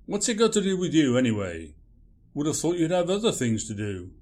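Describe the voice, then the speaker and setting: A man's voice: a little high, sing-song, a little fast, a little mellow. A man playing a curt, grumpy writer. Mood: dismissive. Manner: gruff, curt, dry. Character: grumpy, irritable male writer named Kilter.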